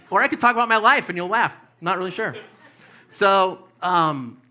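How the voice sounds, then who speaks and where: A man's voice: high-pitched, expressive, moderate pace, sharp tone. Rambling man in his fifties doing stand-up. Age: 50s. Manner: loose rambling delivery with frequent fillers and swearing. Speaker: stand-up comedian. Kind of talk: stand-up comedy set. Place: comedy club stage.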